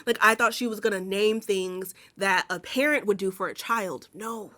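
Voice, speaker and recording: A woman's voice: mid-range voice, moderate pace, hardly any pauses, pushed and bright. A young woman recapping a movie in casual, slangy talk full of "like" fillers and swearing. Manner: chatty, slangy and profane, many "like" fillers.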